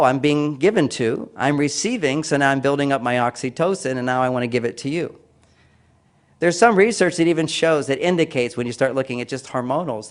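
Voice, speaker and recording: A man giving a lecture-style talk, speaking emphatically with repeated phrases and acting out quoted voices. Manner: acts out quoted voices with raised pitch and emphasis.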